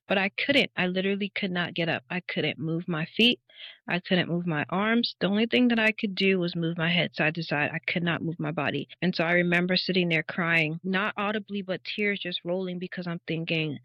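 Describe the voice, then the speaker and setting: A woman's voice: on the low side, fairly quick, no room sound. A woman in her thirties, a guest on a podcast, telling her personal testimony in an earnest, reflective way. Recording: dull, slightly muffled audio.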